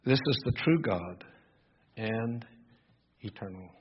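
Older preacher with a husky voice. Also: male voice, lowish voice, animated, slow, lo-fi sound. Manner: reads scripture aloud, alternates hushed musing with rising emphatic preaching. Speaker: pastor. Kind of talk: sermon.

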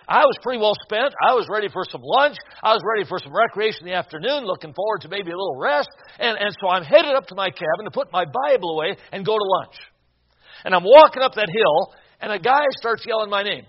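A man preaching, telling a personal story with earnest feeling and letting his voice drop soft and low for the sad parts. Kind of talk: sermon storytelling. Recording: dull lo-fi recording.

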